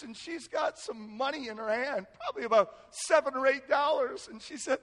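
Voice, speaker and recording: A male pastor preaching in a church, telling a family story with lively, animated delivery. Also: normal speed, few pauses. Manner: storytelling, animated, acts out family quotes with rising pitch. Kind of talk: sermon. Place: church sanctuary. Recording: echoey hall with long reverb.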